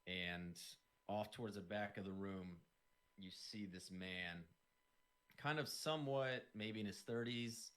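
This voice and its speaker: A man's voice: lowish voice, measured pace, fairly bright tone. A man narrating as game master in a tabletop game, describing scenes loosely with lots of "kind of" hedges.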